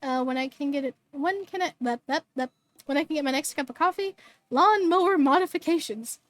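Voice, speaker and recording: Very high-voiced chatty woman streamer. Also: a little fast, a bit bright, no echo, soft background music. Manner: chatty, reads game text aloud. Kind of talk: casual live game commentary.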